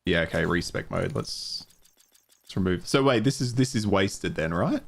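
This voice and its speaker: Low-voiced, chatty man with a mild Australian accent. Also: expressive, normal speed, gravelly. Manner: chatty, laughs easily, thinks aloud. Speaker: game streamer. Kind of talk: casual live-stream commentary.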